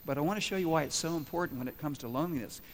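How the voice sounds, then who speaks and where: A man's voice: fairly high pitch, racing, slight background noise. Man preaching a sermon in a reverberant church. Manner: asks the congregation questions and answers them. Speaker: pastor.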